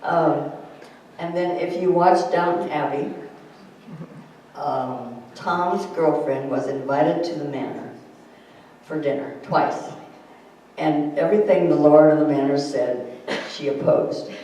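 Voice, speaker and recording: A woman's voice: low voice, slow pace, a little hiss or hum. Chatty woman talking in an echoey room. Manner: gentle and chatty, laughs often at her own stories. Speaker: speaker giving a spiritual thought. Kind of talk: informal talk to a group, reading a quote aloud. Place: room with a small audience. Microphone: distant room mic. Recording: echoey room recorded from far off.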